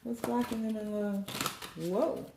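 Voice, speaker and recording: A woman's voice: a little high, steady tone, slow pace, gravelly, background noise. A woman giving a tarot card reading, preachy and joking, with some profanity. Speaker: tarot reader. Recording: roomy echo.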